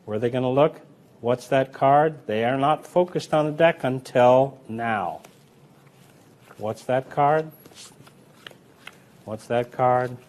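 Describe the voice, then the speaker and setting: A man teaching card magic in a relaxed, chatty way, full of fillers and restarts while he demonstrates. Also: mid-range voice, slow, pauses often. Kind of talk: demonstrating and explaining card technique.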